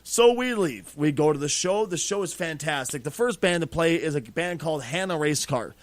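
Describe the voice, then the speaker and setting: A man's voice: on the high side, a little fast, no room sound. A middle-aged man hosting a podcast, telling a profane story in a casual way and acting out what people said. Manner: profane, animated, acts out quotes. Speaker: podcast host.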